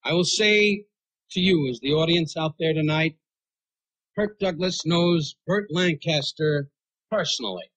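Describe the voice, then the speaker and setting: A man doing a roast on stage, with brash, rapid-fire insult humor and sudden shouted punchlines. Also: on the high side, low-quality recording. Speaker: roast comedian. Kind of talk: stand-up roast routine.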